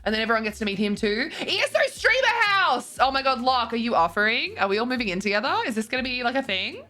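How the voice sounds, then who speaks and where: A woman's voice: fairly high pitch, big pitch swings, fast talker, bright, forceful tone. A bubbly woman in her twenties chatting casually with viewers on a stream, laughing often. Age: 20s. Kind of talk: casual chat reading viewer messages. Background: faint music.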